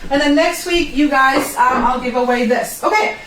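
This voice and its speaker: A woman's voice: sits high, normal speed, fairly bright tone. A woman hosting a casual live cooking demo from her home kitchen, chatting and asking viewers if they agree. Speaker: home cooking show host selling kitchen products. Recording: echoey room, far from the mic.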